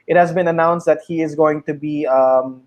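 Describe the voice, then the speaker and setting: Upbeat wrestler host from the Philippines, man, slightly high voice, steady promo talk. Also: normal speed. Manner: plugging shows, steady and upbeat. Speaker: pro wrestler and show host. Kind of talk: casual livestream chat.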